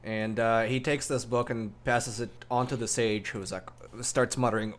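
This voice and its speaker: A man narrating a tabletop role-playing game as game master, in an animated way with frequent fillers. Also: mid-range voice, normal speed, few pauses.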